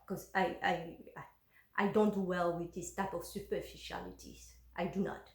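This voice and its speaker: A woman's voice: lowish voice, sing-song, normal speed, reverberant. A woman vlogger candidly recounting her own life story, frank and emotional, swearing openly.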